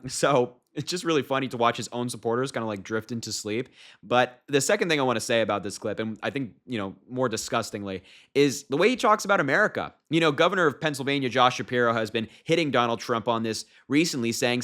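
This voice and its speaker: Bright-voiced young man mocking politics. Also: medium pitch, fast talker. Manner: mocking, laughs at his own points. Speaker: political commentator. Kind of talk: casual political commentary.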